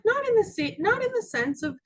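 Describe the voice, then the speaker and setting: A woman minister giving a spiritual talk to a congregation, telling personal stories and sometimes dropping to a soft near-whisper. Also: extremely high pitch, sing-song, a little fast, a little hiss or hum, poor audio. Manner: storytelling, acting out quoted voices, dropping to soft near-whispers. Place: church sanctuary with audience.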